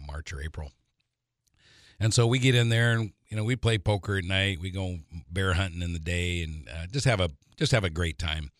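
A middle-aged man with a very low, deep voice tells an outdoor prank story on his radio show. He rambles with plenty of fillers and chuckles. The sound is close and dry, with no room around it. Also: fairly bright tone, no room sound. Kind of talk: casual storytelling.

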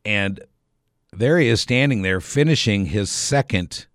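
A man's voice: fairly low pitch, lively intonation, unhurried, a bit bright, no room sound, studio quality. A middle-aged man telling a rambling anecdote on the radio, correcting himself and chuckling as he goes. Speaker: storyteller on a radio program. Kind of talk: casual anecdotal storytelling.

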